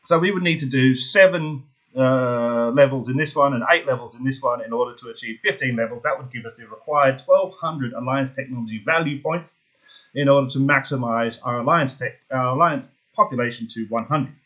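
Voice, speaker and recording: Excitable gaming host, husky voice, dull lo-fi recording, talks through sums aloud. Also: male voice, mid-range voice, a little fast. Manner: excitable, jokey, thinks aloud while calculating. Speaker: gaming YouTuber. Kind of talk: casual game strategy walkthrough.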